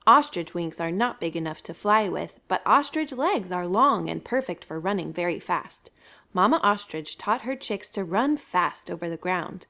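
A woman's voice: medium pitch, normal speed, vocal fry. A woman telling a story to children at a library story time, speaking to them directly. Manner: bright, animated, addresses children.

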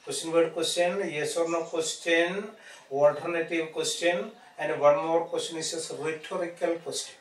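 A man with a fairly high voice teaches a grammar lesson at a moderate pace and a steady tone. This English teacher explains patiently, using fillers and repeatedly adding "isn't it?" The recording is from a distant mic in an echoey room with faint noise.

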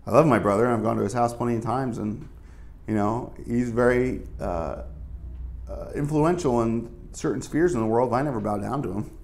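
A man's voice: medium pitch, fairly quick, a little mellow. A male pastor giving a casual, conversational sermon, full of asides and fillers.

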